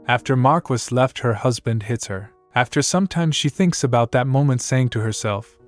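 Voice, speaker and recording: A man narrating a story recap in a plain, steady reading. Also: mid-range voice, normal speed, few pauses. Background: faint music.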